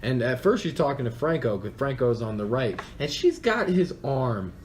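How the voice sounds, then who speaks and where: A man's voice: medium pitch, very animated, moderate pace. A young man and podcast co-host, telling a crude story in casual chat and laughing as he goes. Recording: faint background noise.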